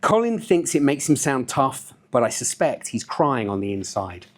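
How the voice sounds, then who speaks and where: A man playing a dry-witted young critic who looks down on bands, his husky voice a little raised and animated. He talks with confident scorn. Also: medium pitch, moderate pace. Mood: scornful. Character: wry young male music critic, scornful.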